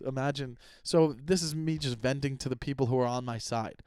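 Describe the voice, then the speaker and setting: A young man hosts his own podcast alone, rambling casually and swearing as he vents about his listeners. His medium-pitched voice is darkish, clear and resonant, and he talks fairly quickly with few pauses. Recorded close on a podcast mic, the sound is studio quality with no room sound.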